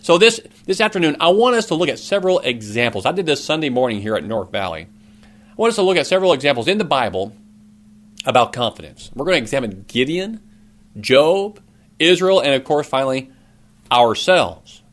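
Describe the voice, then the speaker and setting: A man's voice: medium pitch, sing-song, fairly quick. A middle-aged man preaching a sermon, earnest, asking his listeners questions, with a cough now and then. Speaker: pastor.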